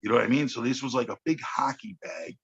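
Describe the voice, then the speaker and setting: A man's voice: mid-range voice, quick pace, vocal fry, slightly rough, dull audio. A man, telling a street story on a podcast in a blunt, profane way, often checking in with "okay.". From Chicago. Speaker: podcast guest. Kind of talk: casual storytelling chat.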